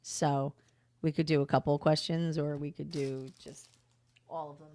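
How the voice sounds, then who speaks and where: A woman co-hosting a podcast in casual chat, talkative and quick to laugh. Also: low-pitched, flat delivery. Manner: chatty, laughs often, reads plugs in a bright upbeat voice. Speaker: podcast co-host.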